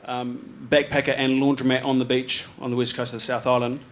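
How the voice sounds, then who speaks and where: At a live event with an audience, a man from New Zealand, speaking with a Kiwi accent, talks through his photography slides. His mid-range voice is flat and a little fast, slight background noise is audible, and he rambles casually, full of ums, restarts and slang.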